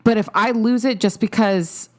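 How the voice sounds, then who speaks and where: A woman's voice: fairly high pitch, normal speed. A young woman co-hosting a podcast, chatting candidly with lots of fillers as she tells stories about her kids. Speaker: podcast co-host. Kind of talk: casual chat.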